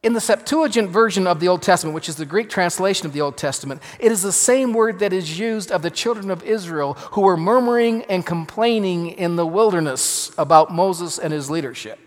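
A man, a pastor, preaching a sermon with emphatic swings between loud and hushed delivery. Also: high voice, brisk, few pauses. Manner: emphatic, dramatic shifts in loudness. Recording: long reverb of a large hall.

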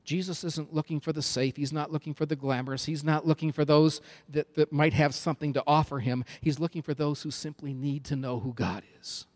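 A man's voice: a little high, steady tone, brisk, hardly any pauses. A man preaching a sermon with an emphatic, repetitive cadence.

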